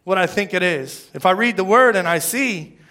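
Male pastor, high bright voice, chatty self-deprecating sermon to the crowd. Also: lively intonation, normal speed. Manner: conversational, self-deprecating, asks the crowd "right?". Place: church service before a congregation.

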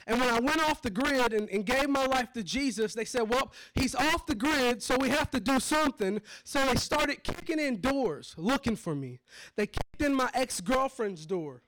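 High-voiced man preaching a dramatic testimony. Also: lively intonation, normal speed. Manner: dramatic storytelling, swings from hushed to shouting. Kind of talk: testimony sermon.

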